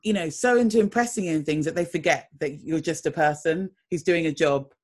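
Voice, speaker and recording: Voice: mid-range voice, brisk, darkish tone. Rambling casting director giving advice. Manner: thoughtful, rambling, with many fillers and restarts. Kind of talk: casual interview answers.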